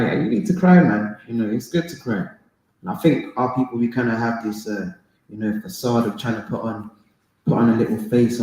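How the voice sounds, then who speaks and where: A man's voice: mid-range voice, fairly quick, darkish tone. A man leading a casual Bible study, talking emphatically and often tagging lines with "man" and "right?". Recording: echoey room.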